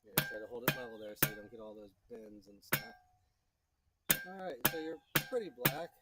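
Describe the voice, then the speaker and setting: Guy teaching forging in his shop, chatty and jokey, loud shop noise around. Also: fairly high pitch, very animated, a little fast, gravelly. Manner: chatty, joking and encouraging. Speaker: blacksmithing instructor. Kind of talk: hands-on teaching while forging. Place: blacksmith shop.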